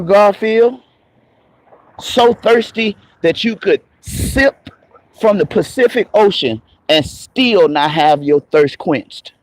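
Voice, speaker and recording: A man's voice: high-pitched, dry recording. A man hosting a livestream, ranting combatively and mocking commenters with profanity. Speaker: livestream host. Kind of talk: heated livestream rant to chat.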